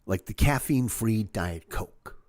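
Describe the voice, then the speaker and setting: Man hosting a live stream: jokey, animated, with a dry, close sound. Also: fairly low pitch, a little slow, no echo. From Chicago. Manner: animated, jokey, acts out voices. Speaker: host of a live show. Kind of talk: casual live-stream chat.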